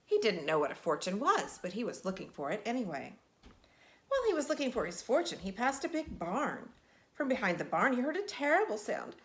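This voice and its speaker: A woman reads a picture book aloud with lots of expression. Her voice sits a bit high and moves around a great deal. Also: a little fast. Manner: expressive, animated. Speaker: storyteller.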